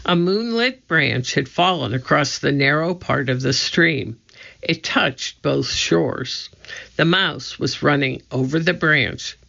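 A narrator giving an expressive, measured reading of a children's storybook. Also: mid-range voice, vocal fry. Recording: dull lo-fi recording.

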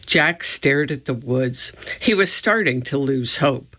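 Measured children's audiobook narrator, bright tone, muffled lo-fi recording. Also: medium pitch, animated. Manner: slow, measured and gravelly.

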